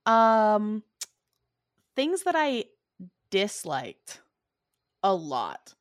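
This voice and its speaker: A woman chatting casually about a movie, animated and opinionated, laughing often. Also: mid-range voice, extremely slow, clean tone, no room sound, clean studio sound. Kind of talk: casual movie review chat.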